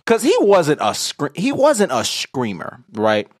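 A man's voice: on the high side, wildly swooping pitch, a little slow. A man co-hosting a podcast, telling a story in casual, profane chat and laughing through it. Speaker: podcast co-host.

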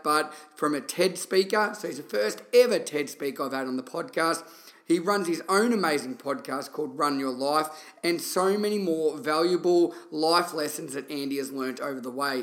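A man's voice: fairly high pitch, normal speed. An Australian man hosting a podcast interview, enthusiastic and full of praise for his guest. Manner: enthusiastic, warm hype-up intro. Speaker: podcast host.

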